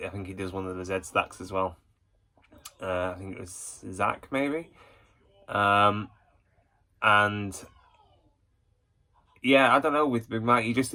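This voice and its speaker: A man's voice: on the low side, bright, forceful tone. A man hosting a casual ranking vlog, talking as an enthusiastic fan in a rambling way, full of hesitations and "you know". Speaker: YouTube channel host.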